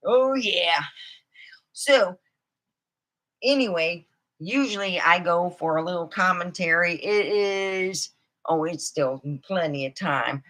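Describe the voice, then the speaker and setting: Middle-aged lady rambling thru funny stories, lowish bright voice, lots of you knows. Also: slow. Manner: chatty, meandering, many fillers. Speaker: comedian. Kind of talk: rambling stand-up storytelling.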